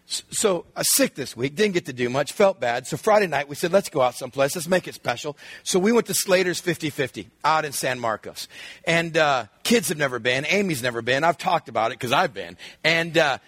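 A middle-aged male pastor giving a sermon, telling lively family stories and acting out his children's voices. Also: fairly high pitch, slightly rough, no echo. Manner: animated storytelling, acts out his kids' voices.

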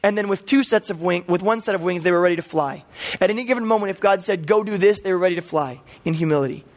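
A man's voice: high voice, fast. A man who is a pastor, preaching a teaching sermon and explaining scripture with playful asides.

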